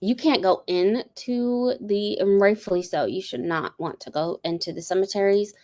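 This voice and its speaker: A woman's voice: mid-range voice, normal speed. Chatty woman rambling through a story. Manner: rambling, animated storytelling with many fillers. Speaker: host. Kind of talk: casual chat.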